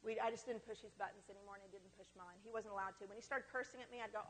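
A woman's voice: medium pitch, fairly even intonation, fast, fairly bright tone. Woman telling a candid testimony in a hall. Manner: candid, conversational, with self-deprecating humor. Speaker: speaker at a women's church gathering. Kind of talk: personal testimony talk. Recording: long hall reverb.

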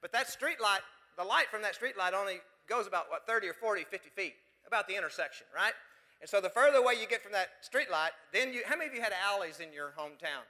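A man's voice: high-pitched, lively intonation, fast, pushed and bright, long reverb tail. A pastor from West Texas, preaching a sermon full of emphatic rhetorical questions to his congregation.

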